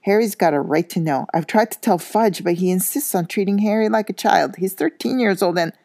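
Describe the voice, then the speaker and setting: A woman reading aloud and voicing an earnest father who argues heatedly and insistently, with a gravelly, mellow voice. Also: medium pitch, fairly quick, dry recording, studio quality, pitched above the performer's own voice, lightly acted.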